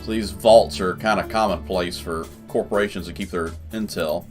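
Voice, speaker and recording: A man's voice: deep voice, normal speed, soft background music. A man hosting a casual let's play, rambling chattily between reading the game's text aloud. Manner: rambling and chatty, full of fillers.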